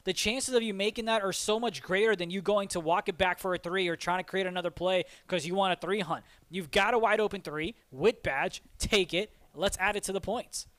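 A man's voice: sits high, a little fast, few pauses, fairly bright tone, no room sound. A man giving color commentary on an esports basketball game, explaining his opinions on shot choices.

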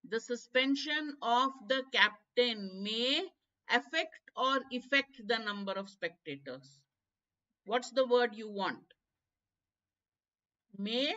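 A woman with an Indian English accent leads a live exam-prep lesson, dropping in Hindi asides as she works through each question. Her voice is bright and slightly high. The stream sound is dull and lo-fi. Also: animated, slow pace, long pauses. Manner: explains step by step, code-switching into Hindi. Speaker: teacher.

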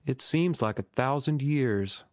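A man voicing a devoted, defiant young working-class woman who pleads softly and earnestly in an audiobook. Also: mid-range voice, lively intonation, a little slow, no room sound, clean studio sound, voice pushed up, close to an everyday voice. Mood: wistful.

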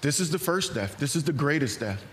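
A man preaching a sermon in a church, earnest and animated, acting out hesitant asides. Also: on the high side, a little fast. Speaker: pastor. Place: church sanctuary.

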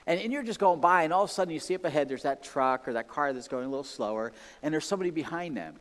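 Animated preacher in an echoing hall. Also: male voice, fairly high pitch, rapid-fire. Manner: animated, conversational, many restarts and acted-out exclamations. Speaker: pastor. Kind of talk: sermon. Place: church sanctuary.

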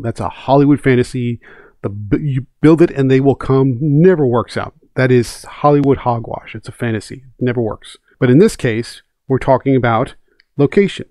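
A man's voice: medium pitch, a little mellow, no echo. A man hosting a comics commentary channel, giving casual, opinionated talk and hammering home his key points by repeating them.

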